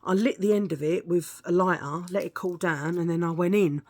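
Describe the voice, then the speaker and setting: A woman's voice: lowish voice, brisk, darkish tone. Rambling, chatty middle-aged woman. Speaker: beauty vlogger. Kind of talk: casual product review chat.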